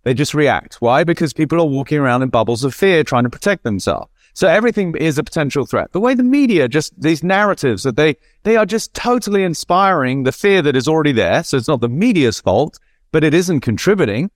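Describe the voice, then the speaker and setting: A man's voice: fairly high pitch, sing-song, fairly quick, dry recording, clean studio sound. A man, a podcast guest, talking bluntly and animatedly, ranting a little, with casual swearing. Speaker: guest, mindset coach. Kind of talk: casual conversational interview.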